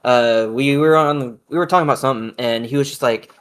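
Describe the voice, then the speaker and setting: This man, a guest in a casual interview, talks fast in a mid-range, clean-toned voice. His stories come out matter-of-fact but halting, with lots of fillers and false starts.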